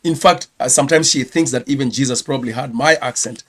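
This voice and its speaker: A man's voice: medium pitch, fast talker, fairly bright tone. A Kenyan man, a pastor, giving a chatty live-streamed news round-up and correcting himself as he goes. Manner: chatty, self-correcting, reads viewer comments.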